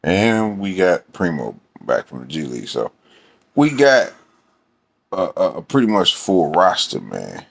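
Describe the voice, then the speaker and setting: Low gravelly dude ranting slow about his team, voice jumps all over, lots of cussing. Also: very animated. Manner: rambling and profane, with many fillers. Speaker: sports fan vlogger. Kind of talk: casual fan rant.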